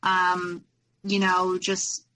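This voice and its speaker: A woman's voice: fairly low pitch, monotone, drawn-out words, pushed and bright, faint music behind, poor audio. A young adult woman speaking candidly as a podcast guest, retelling past events with lots of quoted dialogue. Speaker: guest, abuse survivor. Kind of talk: personal storytelling in a podcast interview.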